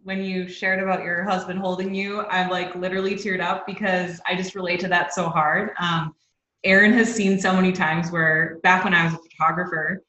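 A woman's voice: lowish voice, fairly even intonation, normal speed, sharp tone. A woman hosting an interview, chatty and eager, relating her own experience to the guest's. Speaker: podcast host. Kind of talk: casual interview. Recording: dull echoey room sound.

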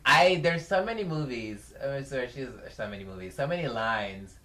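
A man co-hosting a podcast in casual chat, animated and campy in his delivery. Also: normal speed. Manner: animated and campy, bursts into falsetto movie quotes. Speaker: podcast co-host.

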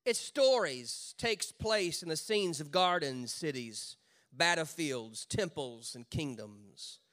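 A high-pitched man preaching a sermon to his congregation. He moves between loud, rousing calls and low, slow, drawn-out emphasis. He slips into casual, joking asides along the way. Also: animated. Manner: conversational asides with humor. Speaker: pastor.

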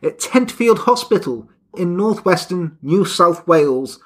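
A man with a high-pitched, fairly bright voice speaks in an animated but unhurried way while hosting a podcast. He tells a story and teases his co-host throughout, keeping the banter jokey and playful in a casual comedic chat.

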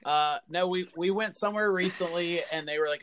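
Joking man, slightly high. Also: fairly quick, very noisy. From American South. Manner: joking, self-deprecating, hesitant with fillers. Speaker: podcast co-host. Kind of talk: casual chat.

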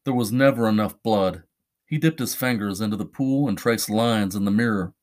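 A man, a podcast host, reading a horror short story aloud in a measured, deliberate way. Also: lowish voice, a little mellow.

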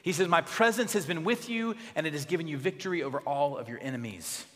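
A pastor preaching a sermon in a church, expressive, dropping to soft tones for emphasis. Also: male voice, a little high, fast talker, in a large hall.

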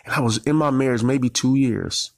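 A man's voice: mid-range voice, normal speed, gravelly, no room sound, clean studio sound. A man in his forties, a marketing coach, giving an emotional motivational talk, holding back tears and repeating phrases as he tells his story.

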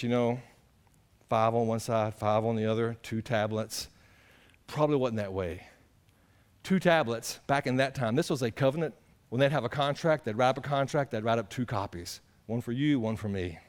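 High-voiced preacher, folksy. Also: male voice. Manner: folksy, conversational preaching that swings between loud bursts and quiet asides. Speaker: pastor. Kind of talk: sermon.

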